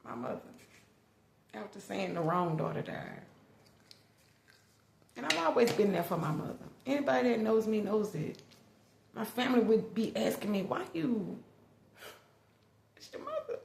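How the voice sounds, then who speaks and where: A middle-aged woman tells a family story in a raw, candid way, full of restarts and "like." Her voice has a gravelly, creaky edge at a middle pitch. The room around her is echoey. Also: expressive, normal speed, pauses often, darkish tone, a little hiss or hum. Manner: candid, emotional, lots of "like" and restarts. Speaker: vlogger telling a family story. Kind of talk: personal storytelling monologue.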